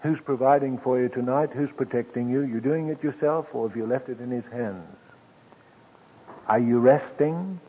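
Husky preacher on old tinny radio. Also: male voice, mid-range voice. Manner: slow, emphatic, with soft drops and sudden lifts. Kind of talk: sermon. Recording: tinny old radio broadcast with long reverb.

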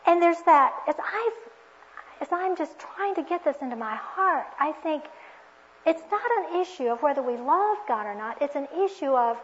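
A woman's voice: sits high, animated, moderate pace. A woman preacher giving a sermon in an earnest, reflective, questioning way. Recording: dull lo-fi recording.

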